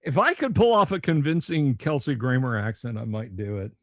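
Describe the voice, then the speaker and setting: A man's voice: mid-range voice, fairly quick, no echo. A man hosting a casual live stream from a home studio, rambling and joking with viewers, with stammering restarts. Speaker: livestream host.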